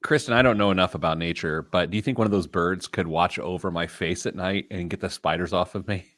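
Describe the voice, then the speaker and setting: A man's voice: low voice, quick pace, no room sound. A man hosting a casual radio show, telling jokey stories on a studio mic. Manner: animated storyteller, jokey. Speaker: host.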